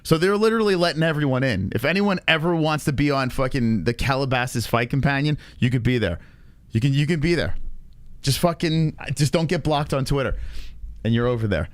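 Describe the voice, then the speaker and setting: A man's voice: medium pitch, a little fast, dry recording. A man hosting a casual reaction stream, swearing freely and laughing often. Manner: profane, laughs often, animated. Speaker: streamer host.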